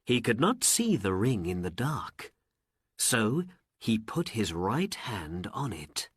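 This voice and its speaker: A man narrating a story for learners in slow, deliberate, expressive storybook narration. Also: lowish voice, husky, no echo, clean studio sound.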